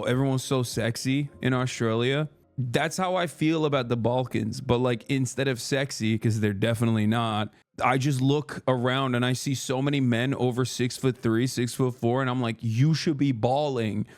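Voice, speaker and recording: A man livestreaming in casual chat, telling stories in a profane, animated way with lots of fillers. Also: mid-range voice, no echo.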